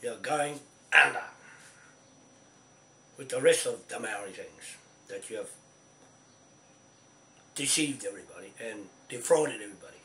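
A man's voice: fairly low pitch, expressive, normal speed, long pauses. A man with a New Zealand accent delivering an angry, profane monologue as a land claimant, ranting and coughing now and then. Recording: roomy, distant mic, faint noise.

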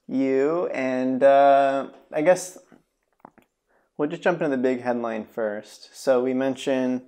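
A man's voice: medium pitch, fairly even intonation, takes it slowly, dark tone. A man hosting a podcast interview in casual, jokey chat, recorded in a studio space. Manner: chatty, jokey, self-deprecating. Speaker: podcast host.

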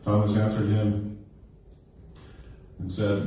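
A man with a low, warm, mellow voice preaches a sermon, pausing to ask "okay?" and "right?" and repeating lines for weight. He is heard from some distance in a very reverberant hall, with a faint hiss underneath. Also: flat delivery. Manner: checks in with listeners with frequent "okay?" and "right?"; repeats phrases for emphasis. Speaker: pastor. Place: recreation center used for church service.

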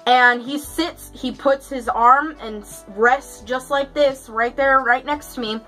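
A woman's voice: high voice, slow pace, pushed and bright, soft background music, low-quality recording. A young woman chatting through a story for her vlog, casual and profane, full of fillers. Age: young adult. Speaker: vlogger.

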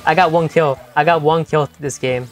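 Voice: medium pitch, steady tone, normal speed, a little hiss or hum. A young-adult game streamer chatting playfully with viewers during a live session, laughing often and teasing the chat.

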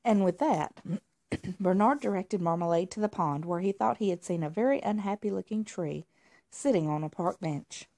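A woman reading a children's story aloud, with expressive storytelling narration. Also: medium pitch, moderate pace.

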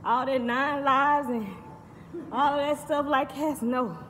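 Woman talking slow and kinda high while walking a treadmill, gym reverb, faint noise behind. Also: fairly even intonation, fairly bright tone. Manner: upbeat, grateful, preachy about self-care. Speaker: vlogger. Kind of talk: casual vlog while working out.

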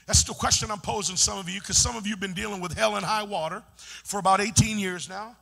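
A man preaching a sermon in call-and-response style, chanting and building to shouts. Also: high voice, fairly even intonation, quick pace, vocal fry.

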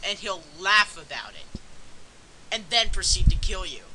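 A man's voice: sits high, animated, unhurried, pushed and bright. A man co-hosting a video game let's play, teasing and joking in casual commentary. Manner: joking, teasing, playful bits and mock accents. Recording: noisy home recording.

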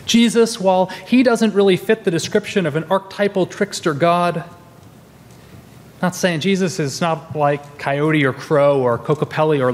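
A man in his forties preaching a sermon as a minister, telling stories in a conversational way with restarts. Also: fairly high pitch. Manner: conversational storytelling with many restarts. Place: church sanctuary. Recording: long reverb in a large hall.

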